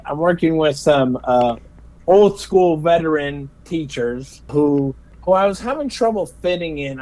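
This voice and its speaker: This middle-aged man's voice sits a little high, captured on a low-quality recording. He's a special education teacher telling stories in a casual interview, often repeating his words and laughing as he goes, an animated storyteller.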